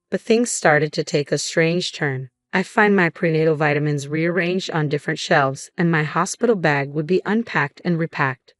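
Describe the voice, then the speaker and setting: A woman reading a scripted first-person story in an even, measured way. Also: low-pitched, no echo, studio quality. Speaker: narrator.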